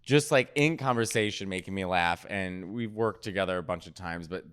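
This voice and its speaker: A comedian guest on a podcast talks casually and warmly about people he admires. His voice sits on the low side and sounds smooth and clean. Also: moderate pace. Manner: enthusiastic, gushing about peers. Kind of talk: casual chat.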